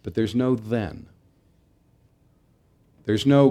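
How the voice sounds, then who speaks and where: A man's voice: fairly low pitch, expressive, normal speed, dark tone. A middle-aged man preaching a sermon in an earnest, emphatic way, sometimes restarting his phrases. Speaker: pastor.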